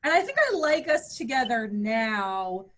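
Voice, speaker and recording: A woman in her thirties doing a bawdy stand-up set, playful and crude, often jumping into high mock voices for punchlines. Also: big pitch swings, a little slow, a bit bright. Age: 30s. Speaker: stand-up comedian.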